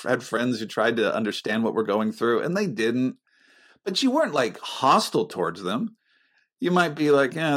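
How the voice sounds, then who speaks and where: A middle-aged man talking earnestly about faith and relationships, with a pastoral manner, often dropping into a soft, low voice. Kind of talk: reflective faith conversation.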